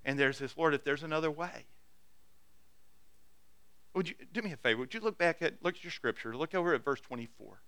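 With no room sound, a man preaches quickly and expressively at a medium pitch, leaving few pauses. As pastor, he urges his congregation earnestly, swinging from loud exhortations to quiet, intimate asides and often starting over.

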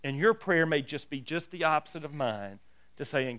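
A man preaching a sermon as a pastor. His voice sits a little high and rings smooth and clear. He restarts phrases with repeated words, builds to forceful urging, then softens into a hushed prayer. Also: animated, moderate pace. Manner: builds to loud emphatic exhortation, then quiet prayer.

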